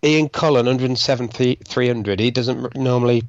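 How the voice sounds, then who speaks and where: A man's voice: medium pitch, fairly even intonation, normal speed, no room sound. A man co-hosting a podcast, reading listener scores in an easygoing, self-deprecating way. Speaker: podcast co-host. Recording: dry, slightly dull sound.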